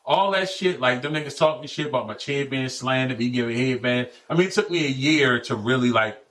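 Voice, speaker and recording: A man in his forties telling animated, profane barbershop stories as a podcast guest, acting out other people's lines. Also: mid-range voice, fairly quick. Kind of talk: casual storytelling chat.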